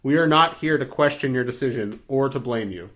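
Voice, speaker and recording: A man reading aloud the lines of Qui-Gon Jinn, a calm and wise male Jedi master, in a gentle, firm voice. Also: mid-range voice, fairly quick, lightly acted.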